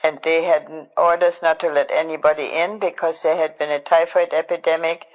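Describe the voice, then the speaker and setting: An older woman tells her personal testimony in a halting, emotional way, often breaking off and restarting her sentences. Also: low-pitched, flat delivery, in a large hall, rough recording. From Germany. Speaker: Holocaust survivor giving testimony.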